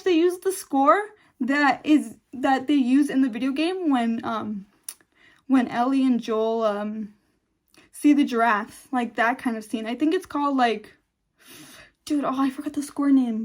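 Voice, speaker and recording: A young woman vlogger chatting casually and emotionally about a TV episode, rambling with many fillers and restarts, close to tears. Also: high-pitched. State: on the verge of tears. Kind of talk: casual chat.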